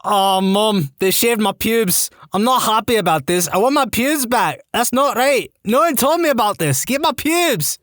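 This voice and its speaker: A man voicing an indignant young Scottish patient who shouts at his mother after surgery. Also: high voice, lively intonation, moderate pace, few pauses, no room sound, clean studio sound, voice pushed up.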